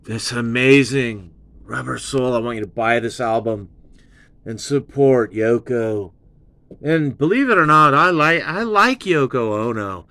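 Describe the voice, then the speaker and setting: A man hosting a rambling album review show, excitable and profane, slipping into British slang. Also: mid-range voice, unhurried, no echo. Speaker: host of a music commentary show.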